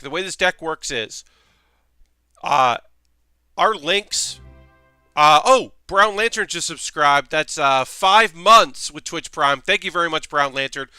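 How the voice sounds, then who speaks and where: A man with a very bright, crisp voice talks through a card game on a live stream. He thinks out loud, filling pauses with ums and restarting sentences. The sound is dry and close, with no room around it. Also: a little high, dry recording. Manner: chatty, thinking aloud with many ums and restarts. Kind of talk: casual live-stream commentary.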